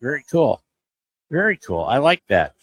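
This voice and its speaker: A man's voice: medium pitch, big pitch swings, normal speed, fairly bright tone, slightly rough, low-quality recording. Easygoing man hosting a chat. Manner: easygoing, rambling questions with restarts. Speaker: show host interviewing at a golf show. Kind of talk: casual interview chat. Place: booth at a consumer golf show.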